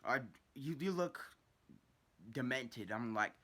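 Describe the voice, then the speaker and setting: A man's voice: medium pitch, animated, slow pace, noisy background. A young man telling a personal story in a casual, rambling way, swearing often and restarting his sentences. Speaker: storyteller vlogger.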